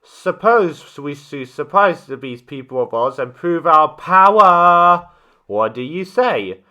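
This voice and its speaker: A man voicing an old, hungry male tiger in a storybook reading, speaking in a lowered, growly voice. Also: expressive, slow pace, sharp tone, exaggerated voice. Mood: scheming.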